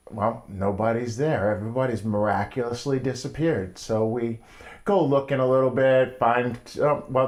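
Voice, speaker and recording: A middle-aged man hosting his own show, telling a story in a wry, casual monologue with frequent pauses. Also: medium pitch, muffled recording. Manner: wry, storytelling, pausing often. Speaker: host.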